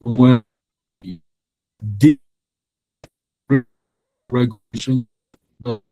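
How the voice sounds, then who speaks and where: A man's voice: mid-range voice, level tone, drawn-out words, warm tone, dry recording, faint music behind, rough recording. A male tutor explaining exam material in an online lesson, sharing his screen, repeating phrases with frequent ums and restarts.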